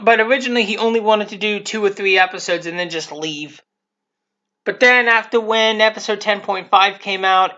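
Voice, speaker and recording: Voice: medium pitch, bright, forceful tone, lo-fi sound. A fan-series creator giving a casual, rambling episode commentary, often stopping and restarting thoughts. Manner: rambling, halting.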